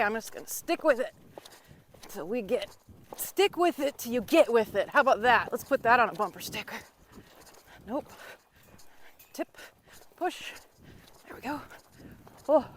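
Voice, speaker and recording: A woman riding instructor teaching while she rides a horse outdoors in the wind, coaching in a teasing, encouraging way. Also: a little high.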